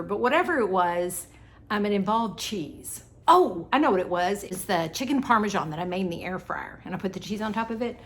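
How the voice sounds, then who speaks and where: A woman's voice: mid-range voice, a little hiss or hum. A woman chatting casually while preparing food in her home kitchen, lighthearted and laughing easily, saying "y'all.". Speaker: vlogger and wellness coach.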